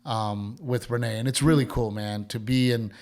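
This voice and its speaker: A man's voice: mid-range voice, moderate pace. Man telling a rambling story. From Texas. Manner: rambling, animated, lots of fillers and restarts. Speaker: comedian and podcast co-host. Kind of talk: casual storytelling chat.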